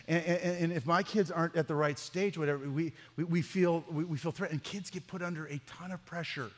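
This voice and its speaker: Pastor, male, high sharp voice, animated storyteller, long echo of a church hall. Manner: animated, acts out dialogue in the stories. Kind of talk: humorous sermon storytelling.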